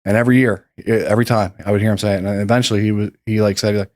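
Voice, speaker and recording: A man's voice: on the low side, fairly even intonation, rapid-fire, hardly any pauses, a little mellow, no echo. A man hosting a podcast, telling a story in a loose, rambling way and swearing freely. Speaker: podcast host. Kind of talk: casual storytelling chat.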